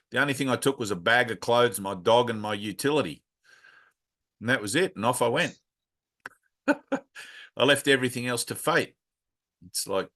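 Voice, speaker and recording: This is a man talking casually about spiritual life. His voice is bright and forceful. He is blunt and earthy, tosses in a curse now and then, and drifts from one aside to the next. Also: mid-range voice. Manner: blunt and frank, swears freely, rambling with many asides. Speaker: spiritual teacher leading a satsang.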